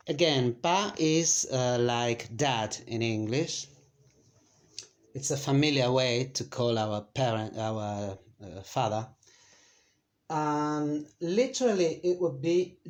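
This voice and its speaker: Slow-spoken male teacher. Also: mid-range voice, lively intonation, a little mellow. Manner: unhurried, thinking aloud with many fillers and self-corrections. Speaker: Spanish teacher. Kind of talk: explaining a lesson, casual.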